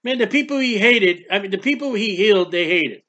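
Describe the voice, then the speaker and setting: A man's voice: high voice, animated, brisk, sharp tone. A man preaching a sermon, fervent and repetitive, with rhetorical questions and acted-out prayers.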